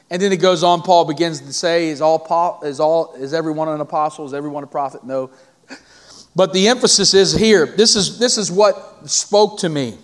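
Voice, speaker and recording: A male pastor preaching a sermon in church, often halting and repeating words, then rising into emphatic preaching. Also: on the high side.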